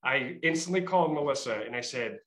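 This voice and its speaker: A man's voice: medium pitch, lively intonation, fairly quick, a bit bright, roomy sound, rough recording. A middle-aged man with a Massachusetts and Rhode Island accent, a state trooper telling his story in a casual interview with many fillers and restarts.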